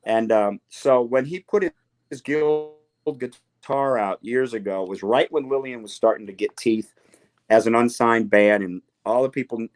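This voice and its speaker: A man guest telling a lively story in a casual interview, acting out quoted lines. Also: medium pitch, measured pace. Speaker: guitarist guest.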